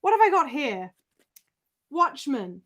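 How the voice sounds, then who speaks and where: A young Englishwoman talks casually to her live-stream viewers, rambling from one thought to the next. Her voice sits a little high. She swears freely and laughs often. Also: very animated, slow pace, fairly bright tone.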